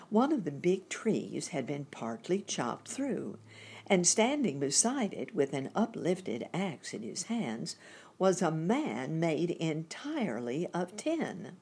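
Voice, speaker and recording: A woman reading a classic storybook aloud as narrator, slowly and expressively. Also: low voice, darkish tone, slightly rough.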